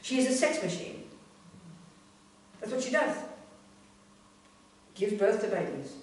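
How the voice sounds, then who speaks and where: A woman's voice: medium pitch, very animated, a little slow. A woman, a Buddhist nun, giving a blunt, emphatic and earthy teaching talk in a centre's hall. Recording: echoey room, voice from a distance.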